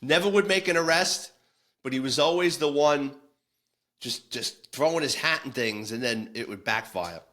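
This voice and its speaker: A man's voice: medium pitch, normal speed, fairly bright tone. A man, a former police detective telling war stories in a casual, blunt, salty way with frequent restarts. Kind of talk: casual storytelling.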